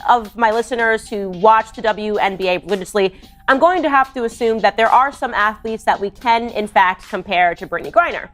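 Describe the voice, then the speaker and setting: A woman delivering a sarcastic, opinionated political monologue, mocking and quick to scoff. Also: a little high, faint music behind. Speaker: political commentator.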